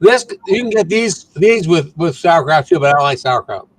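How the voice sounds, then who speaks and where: A man's voice: fairly high pitch, lively intonation, moderate pace. A man in a casual chat, speaking in a laconic, joking way.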